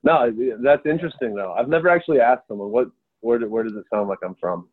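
A man's voice: medium pitch, fast, dry recording. Rambling young man on a tinny line. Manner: rambling, self-deprecating, many restarts and stammers. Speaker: podcast guest. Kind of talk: casual chat. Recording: tinny phone-like remote call line.

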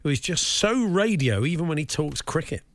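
A man hosts a studio radio show, sounding wry and amused as he introduces clips. His voice sits a little high for a man, and the close studio microphone makes it sound dry and intimate. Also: sing-song, brisk, fairly bright tone, dry recording. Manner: dry, wry, chuckling asides.

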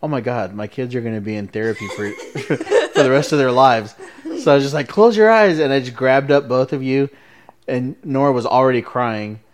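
A middle-aged man in relaxed family chat, telling a story about his kids. He laughs often and acts out his own past lines as he goes. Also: mid-range voice, normal speed.

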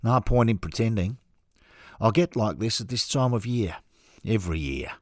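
A man's voice: on the low side, animated, no room sound, studio quality, voice pushed up, close to an everyday voice. A man doing a downcast Australian ex-footballer. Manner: halting, hesitant, subdued.

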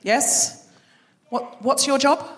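A woman's voice: high-pitched, slow pace, a bit bright. A woman hosting a live podcast show on a theatre stage, chatting with and quizzing the audience. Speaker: podcast host.

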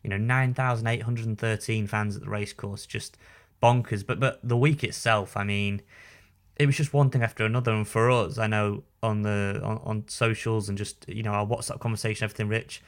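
A man co-hosts a casual podcast chat in a low, fairly flat voice. He speaks haltingly, restarting and repeating words as he gathers his thoughts. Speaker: podcast co-host, newspaper writer.

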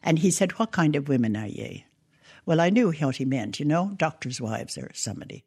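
Brisk and slightly rough, this low-voiced older Irish woman recalls memories for an interviewer. She livens up her accounts by acting out past conversations, breaking into laughter now and then.

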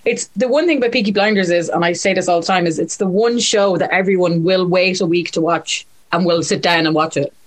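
A woman's voice: fairly low pitch, a little fast, few pauses. A woman interviewing a guest in a casual, chatty way. She teases him and laughs often.

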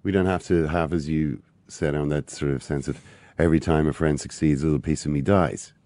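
An Irish man talks football on a podcast in an extremely deep voice, pausing often with "uh" and "um". His dry wit comes through, and the sound is dry and close. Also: steady tone, mellow, no room sound. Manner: hesitant, full of "uh" and "um", dry wit. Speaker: football pundit. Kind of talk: casual football chat.

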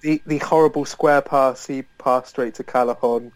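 A man's voice: mid-range voice, steady tone, moderate pace, dry recording, poor audio. A man on a casual football podcast panel, talking in a hesitant, rambling way with many fillers.

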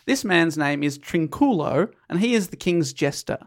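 A fairly high-voiced man retells a story in a casual chat. He is animated, laughs often and acts out the quotes as he goes. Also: moderate pace. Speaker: podcast host retelling a play.

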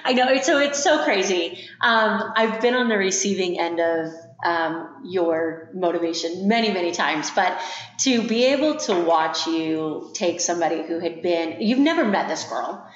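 A woman's voice: fairly low pitch, moderate pace. A woman co-hosting a podcast in reflective, casual chat, laughing often. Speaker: podcast co-host. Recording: echoey room, dull lo-fi sound.

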